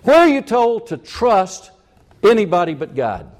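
Older guy pastor preaching, kinda high voice, folksy asides, keeps asking the church questions. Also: big pitch swings, measured pace. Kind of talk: sermon.

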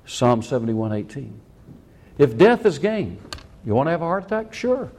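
An older man, a pastor, preaching a sermon in an animated way that acts out the quotes he tells. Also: medium pitch, moderate pace.

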